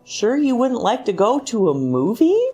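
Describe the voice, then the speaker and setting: A woman voicing a mild middle-aged husband who speaks in a gentle, solicitous way. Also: on the high side, very animated, moderate pace, husky, faint music behind, voice pushed up.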